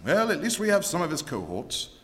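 An actor playing a calm, commanding male detective who gives brisk orders, in 1940s radio acting style, on a reverberant old broadcast. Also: on the high side.

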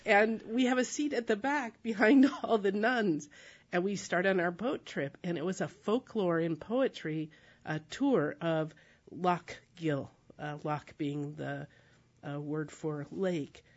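An American woman telling a travel story in a casual, animated way, often laughing as she talks. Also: on the low side, slow pace. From United States. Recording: dull lo-fi recording.

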